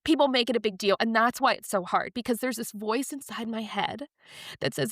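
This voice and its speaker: A woman's voice: fairly high pitch, a little fast, dry recording, studio quality. A young woman on a podcast, telling a personal story in a candid, emotional, confiding way. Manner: emotional, confiding, animated retelling. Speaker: podcast guest.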